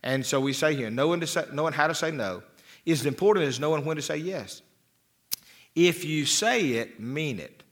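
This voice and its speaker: A man's voice: on the high side, animated, normal speed, a bit bright. A man preaching a sermon as a pastor, folksy and rambling, with frequent restarts and repeated words. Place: church.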